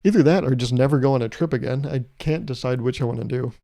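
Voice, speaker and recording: Mellow-voiced man ranting on his podcast. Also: medium pitch, fast, vocal fry, no room sound, clean studio sound. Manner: animated, exasperated rants with swearing and laughs. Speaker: podcast host. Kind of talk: casual comedic storytelling monologue.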